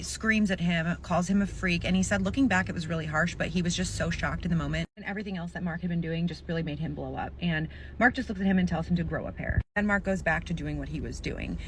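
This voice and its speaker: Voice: mid-range voice, fairly bright tone, a little hiss or hum. A storyteller recounting a reader's story in casual storytime narration, chatty and full of "like". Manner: chatty, peppered with "like".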